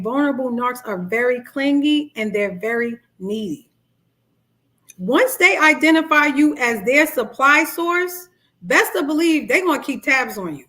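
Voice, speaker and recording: Chatty woman coach, animated and high-pitched. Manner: chatty, animated, acts out quoted dialogue in high voices. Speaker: life coach. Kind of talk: live-stream talk on narcissistic abuse.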